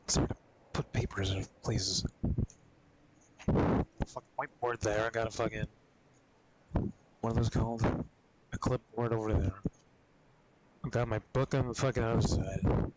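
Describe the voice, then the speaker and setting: Laid-back low-voiced man, coughing. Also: steady tone, moderate pace, long pauses, noisy background. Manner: profane, rambling, laid-back. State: coughing and clearing his throat often. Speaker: gaming streamer. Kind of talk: casual stream chat.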